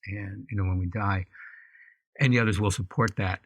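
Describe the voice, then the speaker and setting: A man with a lowish, husky voice chatting on a podcast. He halts and restarts often and slips in dry jokes. The sound is close and dry, with no room around it. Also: steady tone, moderate pace, no echo. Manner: hesitant, restarts often, joking asides. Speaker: co-host. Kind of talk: casual podcast chat.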